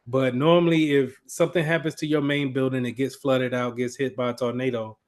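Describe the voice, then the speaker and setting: A man's voice: mid-range voice, steady tone, fairly quick. A man teaching an IT class in a casual, conversational lecture, with frequent fillers and restarts as he explains. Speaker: IT instructor.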